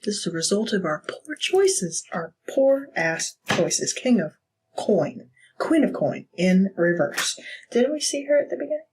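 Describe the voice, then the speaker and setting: A woman's voice: medium pitch, very animated, measured pace, a little mellow, husky, low-quality recording. A woman giving a casual tarot reading, blunt and profane, laughing often. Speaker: tarot reader.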